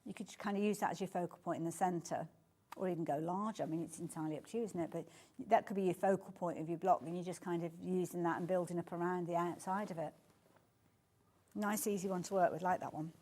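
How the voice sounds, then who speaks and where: A warm, lowish female voice keeps a steady tone at a quick pace. In a TV studio, this shopping channel presenter sells fabrics live, chatting and gushing about each design and calling them beautiful time after time.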